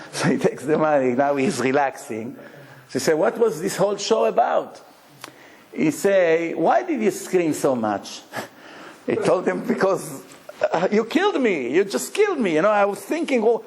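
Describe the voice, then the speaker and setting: Animated, gravelly male rabbi storyteller. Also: a little high. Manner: animated storyteller, acts out characters with shouts and laughs. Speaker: rabbi teaching Talmud. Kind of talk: storytelling Torah lecture.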